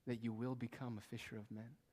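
This medium-pitched male pastor preaches briskly and with a flat delivery. His sermon in the church still alternates between hushed, quiet passages and raised, forceful ones.

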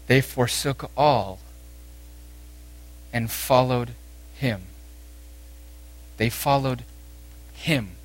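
A man with a medium-pitched voice preaches a sermon with emphasis, shifting between raised exhortation and quiet, intense passages.

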